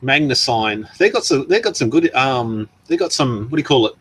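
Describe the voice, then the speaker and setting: A man's voice: mid-range voice, animated, moderate pace, a bit bright, slightly rough, no room sound. Chatty Australian man on a livestream. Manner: chatty and rambling, laughs often, answers viewer chat. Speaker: livestream host. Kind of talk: casual livestream chat reading comments.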